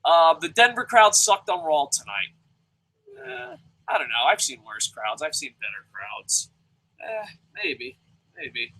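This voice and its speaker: A man's voice: mid-range voice, wildly swooping pitch, slow pace, creaky, pushed and bright, breathy edge, low-quality recording. A young man hosting a casual live wrestling review, ranting profanely and rambling with goofy sound effects. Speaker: wrestling review show host.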